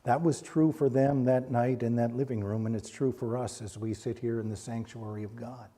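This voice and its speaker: A middle-aged man preaching a storytelling sermon in a church sanctuary, dropping to a hushed voice at solemn moments. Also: medium pitch, fairly even intonation, normal speed. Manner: hushes to a near-quiet voice at solemn points. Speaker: pastor.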